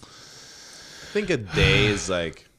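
A man's voice: deep voice, sing-song, very slow, sharp tone, poor audio. A man co-hosting a podcast, chiming in with short, laid-back remarks in casual chat. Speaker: podcast co-host.

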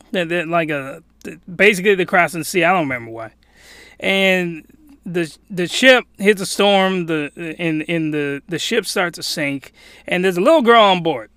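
A man giving a casual anime review, rambling and excitable, sometimes getting loud. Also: high-pitched, clean tone, dry recording.

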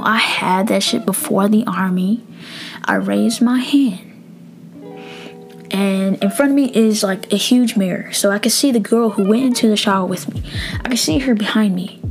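A young adult woman telling a story casually, animated and profane, acting out dialogue and sometimes dropping into a whisper. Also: mid-range voice, normal speed, soft background music. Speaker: vlogger.

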